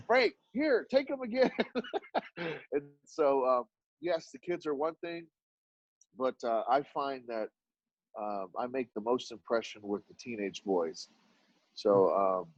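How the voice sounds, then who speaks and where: A husky-voiced man from Dallas telling animated stories as a podcast guest. He acts out the dialogue and his voice jumps up when he quotes other people. The recording is dry and a little muffled. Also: no room sound. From Oak Cliff, Dallas, Texas. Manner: animated storyteller who acts out dialogue with sudden jumps in pitch. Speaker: podcast guest, artist and business owner. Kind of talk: storytelling in a conversational interview.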